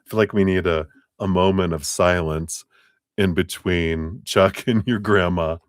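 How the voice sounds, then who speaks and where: Deep-voiced male tarot reader, slow and chatty, quick to laugh. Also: fairly even intonation, no room sound, clean studio sound. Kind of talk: live tarot reading.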